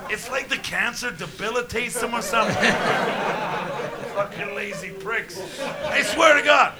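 A man from Canada telling crude comic stories in casual chat, loud and full of swearing and laughter. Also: high-pitched, unhurried, over a noisy crowd. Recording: live audience laughter behind. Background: audience laughing.

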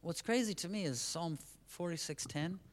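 Male pastor, sermon at a church service: casual and animated, higher voice, big swings in loudness. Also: moderate pace. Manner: animated, conversational preaching that swings from quiet to loud.

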